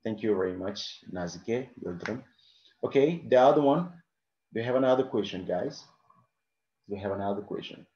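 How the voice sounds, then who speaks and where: A man's voice: on the low side, animated, moderate pace, warm tone, reverberant, lo-fi sound. A man teaching an English lesson live online, answering questions from the chat and often adding "okay" and "of course".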